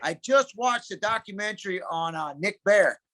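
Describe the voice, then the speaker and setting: A middle-aged man, a wrestling coach, chatting as a podcast guest in an emphatic, excitable way. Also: high-pitched, moderate pace. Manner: emphatic, excitable, calls people dude. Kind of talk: casual interview chat.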